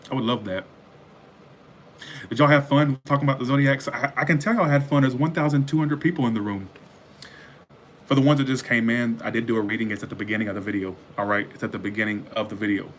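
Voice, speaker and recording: Guy doing a tarot live, rambly and cussing, coffee jitters, mid pitch, bit of hiss. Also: fairly bright tone. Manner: rambling, profane, laughs often. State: sweaty and wired from coffee. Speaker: tarot reader hosting a live stream. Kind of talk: casual live-stream chat.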